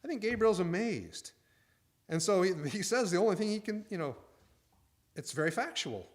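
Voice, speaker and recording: A man's voice: high-pitched, big pitch swings, normal speed, long pauses. A man preaching a conversational sermon in a folksy way, acting out the angel's and priest's lines.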